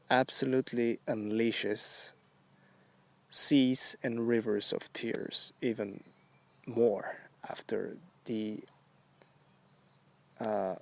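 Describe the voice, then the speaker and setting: A man hosting a solo podcast, musing in a rambling, halting way with drawn-out phrasing. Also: mid-range voice, gravelly. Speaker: podcast host. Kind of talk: solo philosophical monologue.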